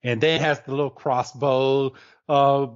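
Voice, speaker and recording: A man co-hosting a podcast, chatting loosely with plenty of ums and restarts and laughing often. His voice sits at an ordinary pitch, and the recording is a little dull and lo-fi. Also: little pitch movement, measured pace. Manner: rambling, many fillers and restarts, laughs often. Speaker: podcast co-host. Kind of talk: casual chat recapping an episode. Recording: slightly dull lo-fi audio.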